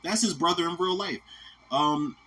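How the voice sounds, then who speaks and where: A man's voice: on the high side, normal speed, sharp tone, a little hiss or hum. A man in his thirties, hosting a podcast and giving a casual, rambling, profane movie rant that keeps coming back to "man". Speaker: podcast host.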